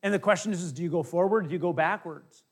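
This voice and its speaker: A middle-aged male pastor preaching a conversational sermon, acting out little asides and dropping from emphatic to hushed. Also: high voice, fast talker.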